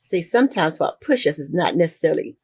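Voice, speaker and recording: An older woman, a guest in an interview, telling stories in a relaxed conversational way and acting out the lines she quotes. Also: low-pitched, fast, husky, no echo. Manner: warm storytelling, acts out quoted dialogue.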